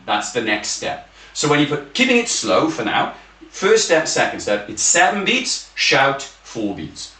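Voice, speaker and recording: A man teaching an online taiko drumming class, encouraging the group and counting beats out loud with shouts. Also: medium pitch, big pitch swings, normal speed, music in the background. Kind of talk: online group music lesson. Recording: echoey room, slightly distant mic, drums behind. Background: taiko drums.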